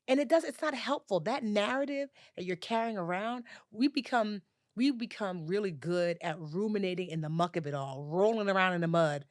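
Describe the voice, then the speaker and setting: A woman being interviewed as a personal finance expert, telling lively stories in casual chat with lots of fillers. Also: a little high, dry recording, studio quality. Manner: animated, lively storyteller with many "like"s.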